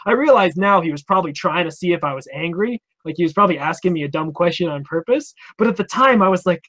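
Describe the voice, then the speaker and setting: A young man from Vermont talking fast as he tells his stories, his voice sitting a touch high. He rambles and slips into the voices of the officers he quotes. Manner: rambling, animated, acts out quoted cops. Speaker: interview guest. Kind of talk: casual storytelling.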